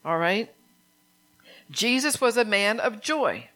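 A woman's voice: mid-range voice, sing-song, takes it slowly, a bit bright. A woman preaching a sermon in a conversational, fervent way, often checking in with her congregation.

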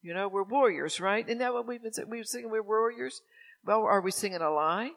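This older preacher goes a little fast, his high, gravelly voice a bit bright. He shares everyday stories in a conversational sermon and turns to the congregation with questions.

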